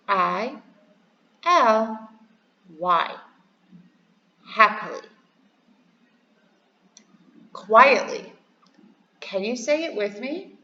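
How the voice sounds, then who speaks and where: Woman teacher, slow and careful, bright voice, spells out words, lo-fi computer mic. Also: fairly high pitch. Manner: slow, clearly spelled out, letter by letter; encouraging, asks to repeat words. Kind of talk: recorded classroom review lesson. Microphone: computer microphone over slides.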